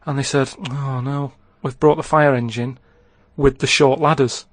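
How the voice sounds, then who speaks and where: A man's voice: medium pitch, steady tone, normal speed, no room sound. A man telling a story on a comedy podcast in a rambling, casual way, checking in with "right?" as he goes.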